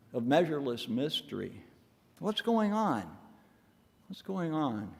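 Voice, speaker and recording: Wry, self-mocking male minister in a hall. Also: on the high side. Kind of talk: sermon. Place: church sanctuary. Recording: long hall reverb.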